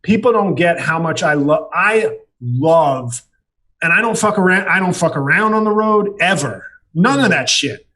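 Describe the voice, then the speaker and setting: A man's voice: high voice, animated, moderate pace, sharp tone. A man guesting on a podcast as a comedian, telling rambling, profane, self-mocking stories in casual chat.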